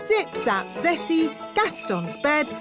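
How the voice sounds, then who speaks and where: An actress voicing a no-nonsense fairy nanny who speaks briskly and casts rhyming spells. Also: female voice, high-pitched, sing-song, over loud music, full character voice. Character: bossy fairy nanny woman, matter-of-fact.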